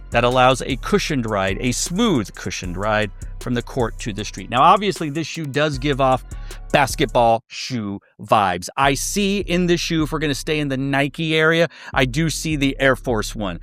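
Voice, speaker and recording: A man's voice: mid-range voice, animated, moderate pace, fairly bright tone, faint music behind. A man giving a casual sneaker review, chatty and loose, with many fillers and restarts.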